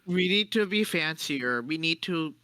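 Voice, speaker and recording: A man's voice: a little high, lively intonation, a little slow, sharp tone, clear, resonant tone, dry recording. A young man on a podcast, talking in casual chat and rambling through absurd jokes. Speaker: podcast co-host.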